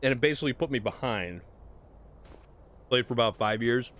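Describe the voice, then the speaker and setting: A man's voice: moderate pace, slight background noise. A man streaming a game live, chatting casually with his viewers and reacting to what happens on screen. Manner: animated, jumpy pitch with sudden high exclamations. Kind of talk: casual live gameplay commentary.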